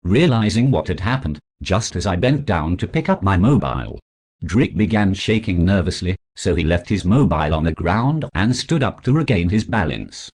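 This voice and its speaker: A man narrating a first-person story aloud in a steady, read-aloud way. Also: low voice, moderate pace, slightly rough.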